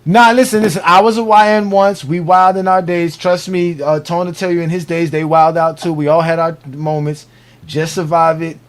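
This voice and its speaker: Middle-aged guy hosting a live show, high voice, jokey and preachy. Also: flat delivery, moderate pace. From Miami. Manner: loose, joking, preachy advice. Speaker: host. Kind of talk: casual live show chat.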